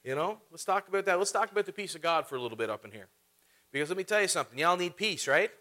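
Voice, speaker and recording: A man's voice: high-pitched, animated, rapid-fire, bright, forceful tone. A man preaching a sermon, telling a funny story and laughing often as he talks. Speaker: pastor.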